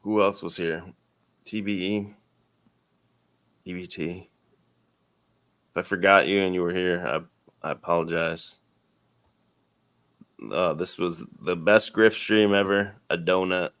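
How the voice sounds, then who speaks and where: Man, stream host, casual sign-off chat, deep voice, dry sound. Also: fairly even intonation, a little slow, long pauses, a bit bright, no room sound. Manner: laid-back, mumbly, trailing off.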